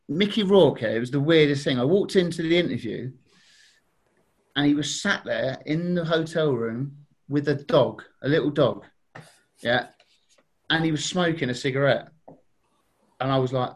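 A man's voice: on the high side, moderate pace, long pauses. A man, a podcast guest telling funny anecdotes in a chatty way and laughing as he goes. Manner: chatty, laughing, acts out quoted voices.

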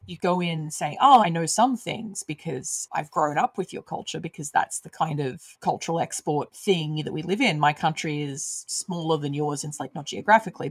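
Woman, low pitch, articulate and enthusiastic author guest, dry close sound. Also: no echo. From Australia. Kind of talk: conversational interview.

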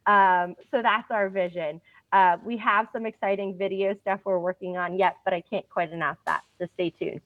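A woman's voice: medium pitch, fairly even intonation, normal speed, no echo. Woman guest on a tinny line. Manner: earnest storyteller, uses fillers. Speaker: guest, founder of a storytelling platform. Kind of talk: casual interview talk.

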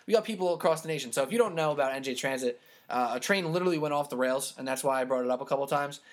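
A man's voice: medium pitch, racing. A man hosting a casual sports podcast, leading the talk with questions and wry asides. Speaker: podcast host.

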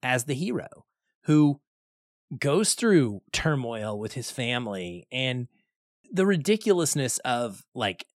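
A man's voice: mid-range voice, sing-song, slow, dry recording, clean studio sound. A man co-hosting a film review podcast, talking animatedly and acting out his reactions to scenes. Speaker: podcast co-host. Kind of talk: casual film review chat.

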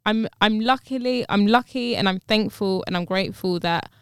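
A woman, co-hosting a casual podcast and telling stories in an animated, indignant way, swearing freely. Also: normal speed, clean tone, no room sound, studio quality. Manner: animated storytelling with swearing, jumps high when indignant. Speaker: podcast co-host.

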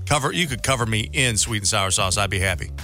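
A man co-hosting a podcast in casual chat, animated and rambling as he tells stories. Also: lowish voice, fast, faint music behind. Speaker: podcast co-host.

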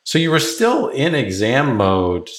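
A man's voice: mid-range voice, wildly swooping pitch, unhurried. A man hosting a podcast, casually asking his guest follow-up questions. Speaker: podcast host. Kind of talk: interviewing.

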